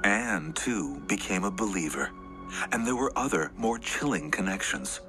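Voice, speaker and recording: Lively-voiced male documentary narrator. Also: low voice, moderate pace, over music. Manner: dramatic storytelling delivery. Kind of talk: scripted narration.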